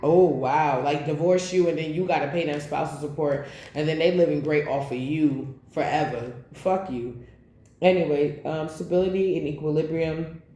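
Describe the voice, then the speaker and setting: A woman reads tarot cards in a casual, blunt way, swearing freely as she calls out each card. Her voice is mellow and dark, mid-pitched, and sits in a roomy, echoey space. A faint hum of noise runs behind her. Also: normal speed. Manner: blunt and profane, calling out cards. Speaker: tarot reader.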